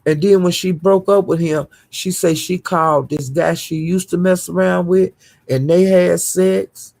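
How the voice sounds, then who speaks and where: A woman's voice: fairly low pitch, steady tone, a little slow, gravelly, warm tone. A woman vlogger giving casual gossip commentary to her viewers, blunt, profane and indignant.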